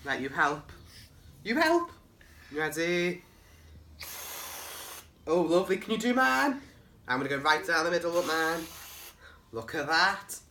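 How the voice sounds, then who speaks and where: Gentle, sing-song man. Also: a little high, big pitch swings, a little slow, pauses often, slight background noise. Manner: gentle, patient and coaxing, asking many questions. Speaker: co-host of a home cooking video. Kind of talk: casual, encouraging chat while making a treat.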